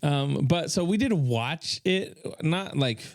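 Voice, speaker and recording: A man's voice: a little high, expressive, slow, no room sound, studio quality. A man hosting a casual podcast chat, joking around and slipping into comic voices when he quotes people. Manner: playful, puts on comic voices in quoted bits. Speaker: podcast host.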